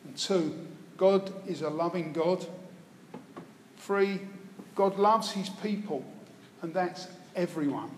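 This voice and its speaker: A man's voice: sits high, slow, long pauses, darkish tone. A man preaching a sermon, retelling a Bible story with wry storytelling asides. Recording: echoey hall, faint room noise.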